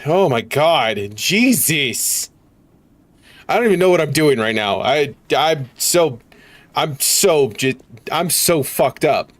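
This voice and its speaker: A man's voice: on the high side, big pitch swings, slow, dry recording. A man streaming games, chatting casually, swearing freely and laughing in disbelief. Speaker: gaming streamer.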